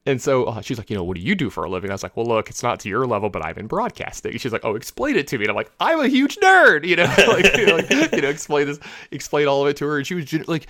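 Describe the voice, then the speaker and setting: A man telling a long story in casual podcast chat, rambling, full of filler words and lively retellings. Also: medium pitch, rapid-fire, few pauses, no room sound, clean studio sound.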